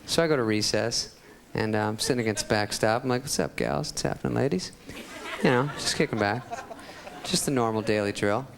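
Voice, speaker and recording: A man's voice: fairly low pitch, a little fast, crowd noise. A man telling a sarcastic, self-deprecating stand-up story before a live audience. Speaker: stand-up comedian. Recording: loud audience laughter and noise.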